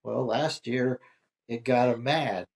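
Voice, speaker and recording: A man's voice: medium pitch, fairly even intonation, slow pace, vocal fry. An older man as the guest in a casual chat, speaking tersely and dryly and making his points through questions. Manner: terse, dry, leads with questions.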